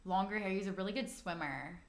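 A woman's voice: mid-range voice, brisk, slight background noise. A young woman co-hosting a podcast, reading out questions and chatting casually with many fillers, talking to listeners as "you guys". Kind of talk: casual chat.

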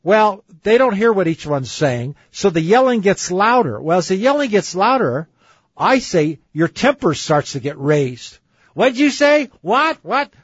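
A man's voice: sits high, breathy edge, no room sound, muffled recording. A man hosting a dating advice radio show, reading book passages aloud and arguing against them in an opinionated way. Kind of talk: radio talk show commentary.

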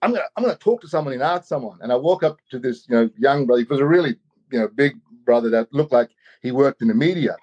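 A man telling a personal story in an animated way, often saying "you know". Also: medium pitch, fast, dull audio. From Australia. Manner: animated, acts out quoted voices, many "you know"s.

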